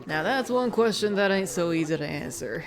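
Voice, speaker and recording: A woman's voice: on the low side, expressive, moderate pace, a crowd in the background. A woman voicing a folksy old fisherman with a put-on American Southern drawl, reading game dialogue aloud. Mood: reminiscing.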